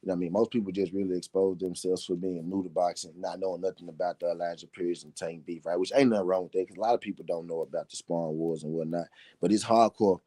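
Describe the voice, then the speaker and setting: A man's voice: low-pitched, fairly even intonation, fast, dark tone, no room sound. A man hosting a live boxing talk show, chatting casually and profanely, reading viewers' comments and asking "you know what I mean?". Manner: reads and answers chat comments.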